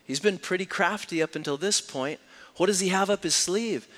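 A man preaching a sermon as a pastor, swinging between hushed, slow lines and loud, raised passages. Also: sits high.

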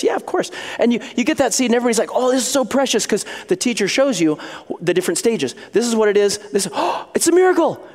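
Animated preacher in an echoing hall. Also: male voice, sits high. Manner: animated, acts out little voices and scenes. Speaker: pastor. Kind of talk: sermon.

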